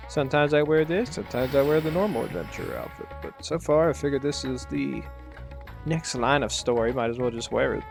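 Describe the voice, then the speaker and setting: Relaxed male gaming host, loose rambling commentary, faint game music under him. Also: medium pitch, a little fast, vocal fry. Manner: laid-back, rambling. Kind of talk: casual gameplay commentary.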